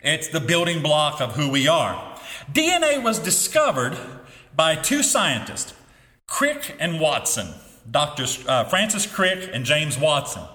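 Man preaching, bright voice, echoing hall. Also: on the high side, huge pitch swings, unhurried. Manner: emphatic preaching with rising exclamations. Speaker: pastor. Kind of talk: sermon. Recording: echoey hall with long reverb.

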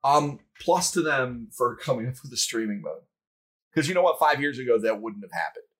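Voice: medium pitch, lively intonation, a little fast, fairly bright tone, slightly rough, poor audio. A podcast co-host chatting casually about video games over a remote call, rambling with many fillers. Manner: rambling, lots of fillers and restarts. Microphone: remote call over Discord.

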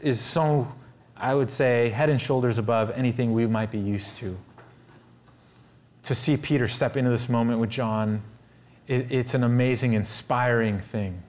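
An earnest male pastor delivering a sermon at a middle pitch. He presses his points hard, lifting his voice high for emphasis and then settling back low and quiet. He often breaks in with "listen" to pull the room in. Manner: earnest, building to raised emphatic peaks, often saying "listen".

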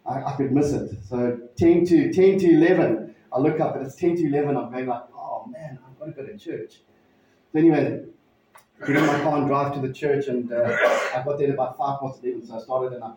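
A man's voice: mid-range voice, background noise. Man preaching from far off in an echoey hall. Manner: conversational storytelling, halting restarts. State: emotional, near tears. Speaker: pastor. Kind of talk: sermon. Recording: distant mic in echoey hall, dull sound.

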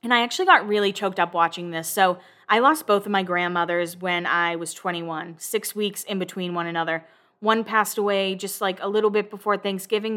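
A woman hosting a casual recap chat, talking freely with plenty of swearing and quick laughs. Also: lowish voice, a bit bright. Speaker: podcast host recapping a reality show.

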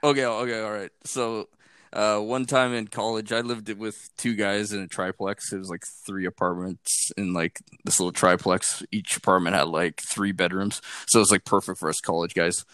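A young man co-hosting a casual podcast chat, laid-back and quick to laugh. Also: fairly low pitch, smooth, no echo. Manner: laid-back, laughs easily, relaxed slang. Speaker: podcast co-host.

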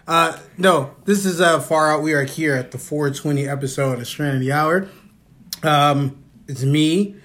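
Male podcast host, slightly higher voice, relaxed joking delivery with lots of laughs. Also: measured pace. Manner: loose, joking, swearing, laughs often. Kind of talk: casual podcast chat. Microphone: phone.

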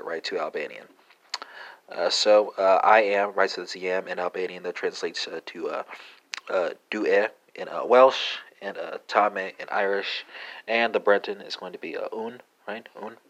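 A man hosting a language lesson podcast, talking through verb forms with lots of "uh" pauses and a habitual "right?", spelling words out letter by letter. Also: low voice, fairly bright tone. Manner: halting, many "uh" fillers and tag "right?". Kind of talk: casual spoken language lesson.

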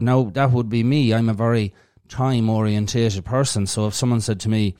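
A man's voice: on the low side, steady tone, moderate pace, warm tone, clear, resonant tone, no echo, studio quality. A man hosting a podcast alone, speaking frankly and bluntly, swearing freely and thinking aloud as he goes. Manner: thinks aloud with fillers and restarts. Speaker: podcast host. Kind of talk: casual solo podcast talk.

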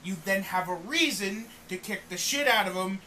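A man's voice: high voice, animated, moderate pace, pushed and bright, a little hiss or hum, poor audio. A man co-hosting a podcast in casual chat, thinking aloud and repeating words as he restarts sentences. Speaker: podcast co-host. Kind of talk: casual chat reviewing wrestling.

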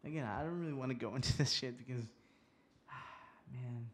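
A man's voice: mid-range voice, normal speed, a little hiss or hum. Man, podcast host, casual solo chat, rambling, profane, mid-range voice, small home studio. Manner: rambling, profane, swings between subdued and excited.

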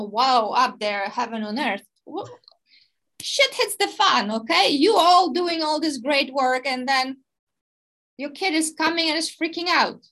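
A woman hosting a podcast, talking through spiritual ideas with emphatic, expressive stresses. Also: high voice, rough recording. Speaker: podcast host, spiritual teacher. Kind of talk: conversational spiritual teaching.

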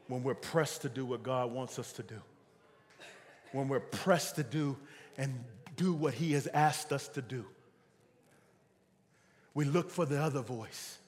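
Slow, emphatic male preacher in an echoing hall. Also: mid-range voice. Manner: emphatic, repeats key lines. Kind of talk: sermon. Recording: long hall reverb.

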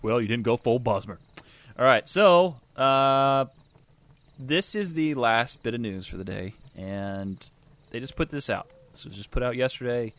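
A man's voice: mid-range voice, a little slow, a bit bright, clean tone. A man co-hosting a casual gaming podcast, chatty and upbeat as he reads out game news. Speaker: podcast co-host.

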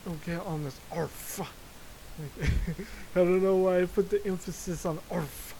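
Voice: medium pitch, fairly even intonation, moderate pace, warm tone, a little hiss or hum, rough recording. A podcast host delivering a solo comedic rant, profane and exaggerated, full of jokey asides. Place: lives in Florida.

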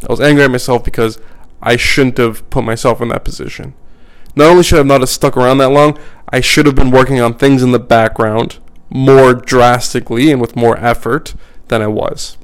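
Male podcast host, mid-pitched and smooth, profane, emphatic, repeats himself for effect. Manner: blunt, profane, emphatic with repetition. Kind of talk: solo podcast monologue. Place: at home.

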